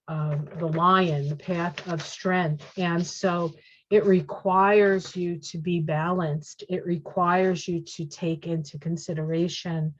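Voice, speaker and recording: A woman giving a casual tarot reading, chatty and excitable, reacting aloud to each card as she turns it. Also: lowish voice, a little hiss or hum. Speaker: tarot reader. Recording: dull lo-fi sound.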